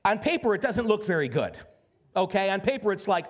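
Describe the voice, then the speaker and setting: A man preaches a sermon in a casual, conversational way, often asking "okay?" and "you know what I mean?" His voice sits high and moves widely in pitch. The church recording sounds a bit muffled. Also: big pitch swings, fairly quick. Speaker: pastor. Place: church sanctuary.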